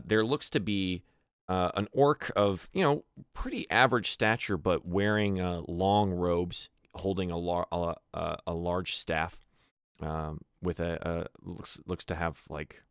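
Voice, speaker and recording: A man's voice: low-pitched, clean tone, no echo, studio quality. A man narrating a tabletop game as game master, describing scenes casually with many fillers.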